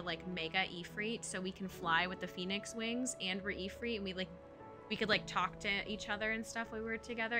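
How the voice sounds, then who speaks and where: An excited young woman streams a game and rambles through a casual recap, full of fillers. Her voice sits at a middle pitch. Game music plays behind her. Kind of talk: casual let's-play recap.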